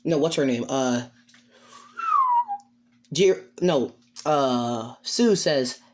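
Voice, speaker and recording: A man improvising fan-fiction narration, halting and rambling with many restarts. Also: mid-range voice, a little mellow. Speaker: storyteller.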